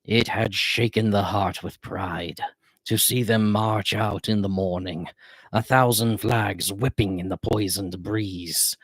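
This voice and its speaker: A sorrowful old wizard speaks in a deep, low voice, as a man reads him aloud for an audiobook. Every phrase comes slow, measured and heavy. The sound is dry and close. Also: dry recording, exaggerated voice. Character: grieving old male wizard, weary and mournful. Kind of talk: audiobook narration. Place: home.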